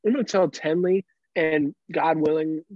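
Husky guy on a podcast, bit high voice, swears a lot, laughs thru his stories, kinda dull dry sound. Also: normal speed, no room sound. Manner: animated storyteller, swears a lot, laughs often. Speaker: podcast co-host. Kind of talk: casual chat.

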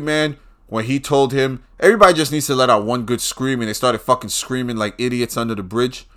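Profane ranting man, loud then muttering. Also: medium pitch. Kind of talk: profane political rant.

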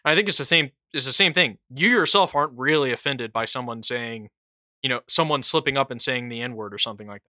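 A man co-hosting a casual political chat, talking in a halting way with many restarts and fillers. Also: mid-range voice, sharp tone, no echo, clean studio sound. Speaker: podcast co-host reading chat.

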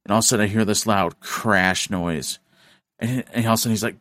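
Recorded dry in a studio, a podcast host with a lowish voice talks fast as he tells a story casually. He's animated and swears, performing the voices of the story's characters.

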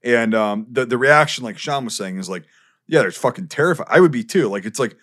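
Man, casual podcast chat, explains in careful detail, full of ums and likes, restarts his sentences often, middle-pitched voice, relaxed flow. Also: brisk. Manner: detailed explaining, hesitant with many "um" and "like". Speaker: podcast co-host with military history knowledge.

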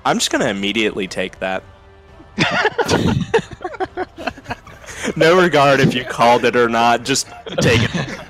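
A man playing in a tabletop game, making offhand, deadpan remarks. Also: mid-range voice, measured pace, long pauses, soft background music. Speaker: player.

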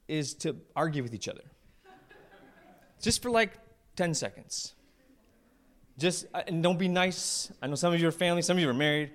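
A male pastor preaching to his church, retelling a story with playful asides and quick voices for the characters. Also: fairly high pitch, animated, fairly bright tone. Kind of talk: lively storytelling sermon.

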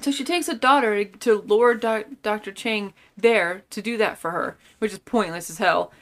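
A woman's voice: mid-range voice, moderate pace, a bit bright. A woman co-hosting a podcast, making sarcastic, exasperated remarks about a movie with casual swearing. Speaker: podcast co-host. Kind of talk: casual movie recap chat.

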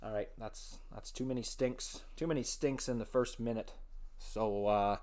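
A man from Ontario hosting a casual solo podcast, rambling and swearing, with sudden shouted outbursts. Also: mid-range voice, steady tone, normal speed. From Ontario, Canada. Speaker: podcast host.

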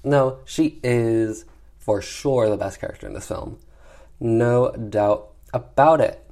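With a medium-pitched, slightly mellow voice, a man who reviews films walks through a horror movie's plot in a sassy, conversational way. He leans on filler words and quickly voices the characters' lines himself.

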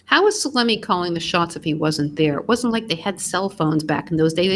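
A woman's voice: fairly low pitch, animated, fairly quick, slight background noise, poor audio. A woman co-hosting a podcast, narrating scripted true crime with dry, blunt asides. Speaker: podcast co-host.

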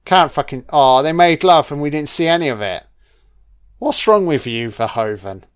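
A man's voice: a little high, lively intonation, moderate pace, clean tone. Profane, jokey male film commentator. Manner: profane, jokey, heavy swearing.

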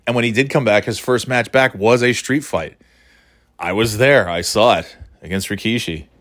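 A man's voice: fairly low pitch, normal speed, a bit bright. A man hosting his own podcast who rambles casually, swears freely and laughs often as he talks. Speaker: podcast host. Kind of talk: casual solo chat.

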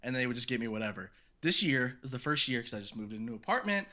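A bright, forward-sounding man in his twenties, chatting casually with friends. He tells stories in a loose, profane way, leaning on "like" and restarts. His voice sits in an ordinary middle register. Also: medium pitch, big pitch swings, rapid-fire. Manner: loose, profane storytelling with lots of fillers. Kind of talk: casual chat.

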